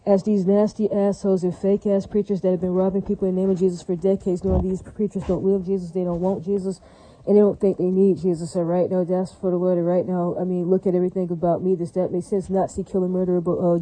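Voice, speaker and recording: Dark-voiced man ranting insistently. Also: sits high, flat delivery, fast talker, slight background noise, rough recording. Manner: repetitive, profane, insistent warnings. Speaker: vlogger. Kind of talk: ranting monologue to camera.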